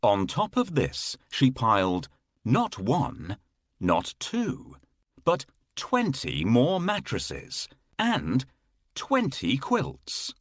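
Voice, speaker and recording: A man with a husky voice narrating a children's fairy tale in an expressive, drawn-out storytelling style. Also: on the low side, no echo, clean studio sound.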